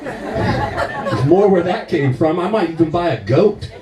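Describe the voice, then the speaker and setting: A man doing stand-up, telling stories in a profane, animated way. His voice runs a little high with lively swings in pitch, and his tone is mellow. The sound echoes around a roomy club. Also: unhurried, distant mic, a crowd in the background. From United States. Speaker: comedian. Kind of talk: stand-up comedy.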